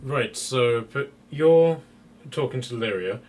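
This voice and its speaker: A man acting as game master, talking casually and relaxed, with many fillers. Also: mid-range voice, slow. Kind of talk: running a tabletop game.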